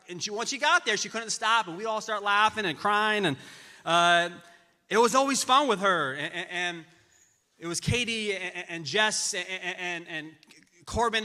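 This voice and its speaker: A middle-aged man telling a personal tribute to a friend in a church, halting often and restarting his sentences. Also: high-pitched, pushed and bright. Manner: halting storytelling with many restarts. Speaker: friend giving a memorial tribute. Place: large church auditorium. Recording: reverberant church hall.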